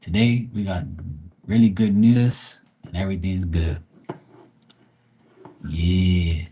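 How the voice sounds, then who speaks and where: Male tarot streamer, fairly low voice, blunt and foul-mouthed, casual chat with viewers. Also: steady tone, slow, dark tone, slightly rough. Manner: blunt, profane, greets chat viewers by name. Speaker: livestream tarot reader.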